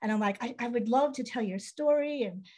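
A woman from Ohio recounts a story in an animated, conversational way, slipping into little performed voices for the people she quotes. Her voice sits a bit high for a woman. She talks casually with plenty of "like" and "I'm like.". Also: a little fast, low-quality recording. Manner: animated, acts out quoted dialogue. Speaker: children's book author.

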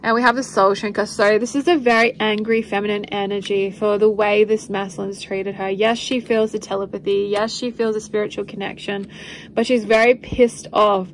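A woman's voice: mid-range voice, a little hiss or hum, low-quality recording. A woman giving a spiritual tarot reading, talking in a meandering, repetitive, earnest way with light laughs. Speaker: tarot reader.

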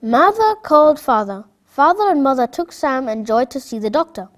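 A woman narrating a children's story in a clear, expressive read-aloud voice. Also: high-pitched, moderate pace.

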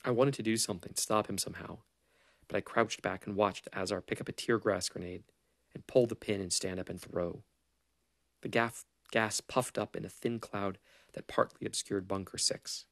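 A man narrating a novel as an audiobook in a measured, understated way. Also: on the low side, steady tone, creaky, no echo.

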